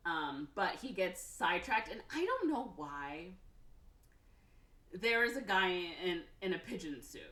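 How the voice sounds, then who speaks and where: Woman podcast host, casual and animated plot recapper, low-ish voice, roomy sound a little away from the mic. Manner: animated retelling with quick voices for characters. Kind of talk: casual chat. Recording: echoey room, somewhat far from mic.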